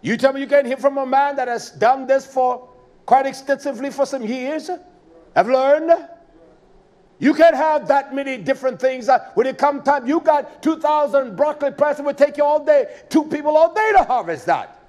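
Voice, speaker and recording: A man preaching a folksy, emphatic sermon, swinging between loud outbursts and quiet asides. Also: very high-pitched, normal speed.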